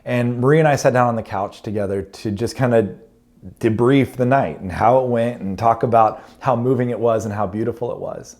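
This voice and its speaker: A man's voice: mid-range voice, brisk, darkish tone. A man in his thirties, a pastor telling a family story in a sermon with humorous, self-deprecating asides.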